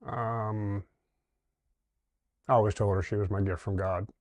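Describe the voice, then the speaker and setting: A middle-aged man with a low, deep voice tells a personal story slowly and haltingly, pausing often with fillers. His delivery is even and flat, without big swings, and the sound is close and dry. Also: no echo. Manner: halting and heartfelt, with many pauses and fillers. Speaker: dentist sharing his wife's cancer story.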